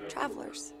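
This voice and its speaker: A young adult woman hosting a recap show in a bubbly, playful way, reading out fan tweets. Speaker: host.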